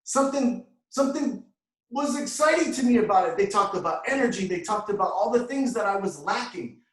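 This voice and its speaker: A man telling his story as an energetic motivational testimonial, often calling the crowd "guys.". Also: high voice, fairly quick, reverberant, distant mic, rough recording. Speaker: award recipient speaker.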